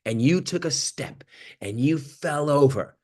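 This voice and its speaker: A man giving an animated motivational talk on a video call, swinging from loud exclamations to near-whispers. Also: fairly high pitch, a little slow. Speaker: guest speaker on an acting workshop call.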